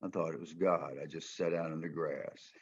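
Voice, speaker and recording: Older Southern man, husky folksy storyteller. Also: rumbling low, steady tone, normal speed, dull audio. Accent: Southern American. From Georgia, United States. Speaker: former football player and coach, guest speaker. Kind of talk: storytelling talk.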